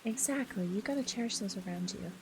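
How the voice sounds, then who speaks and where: A woman streamer chatting casually with her viewers, reading their messages aloud in a soft, affectionate, giggly way. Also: medium pitch, fairly quick, background noise.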